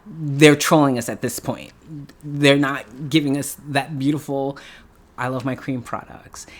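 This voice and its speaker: A woman's voice: extremely low pitch, steady tone, a little slow. A middle-aged woman from New York talking casually in a vlog, chatty and emphatic, laughing often and repeating herself for effect. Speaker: beauty YouTuber.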